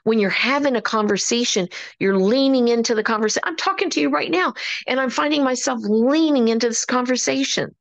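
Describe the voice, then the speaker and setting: A woman's voice, slightly high and slightly fast, recorded dry and close. She's a motivational speaker giving an upbeat, emphatic talk on a call, energetic and animated with preacher-like emphasis.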